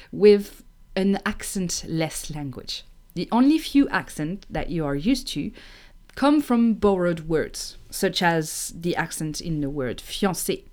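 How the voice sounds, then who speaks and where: A young French woman, a native speaker with a French accent, teaches French pronunciation online in an emphatic, animated lesson. Her voice is lowish.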